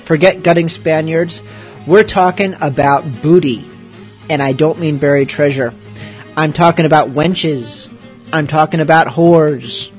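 A man hosts a late-night radio show with a joking, cheeky manner. His voice sits a little higher than most men's. Music plays faintly behind him. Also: a little slow. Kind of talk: casual radio show hosting.

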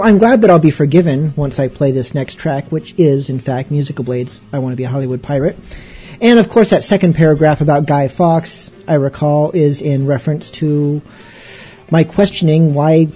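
A man's voice: a little high, warm tone, husky. A male radio show host chatting casually between songs, rambling and wry, often poking fun at himself. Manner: rambling, wry and self-mocking.

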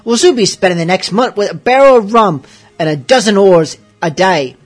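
A man putting on a hammy parody pirate voice for rough male pirates while reading a comic book aloud. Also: high voice, lively intonation, moderate pace, soft background music. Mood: scheming. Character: rough-talking adult male pirates in a tavern.

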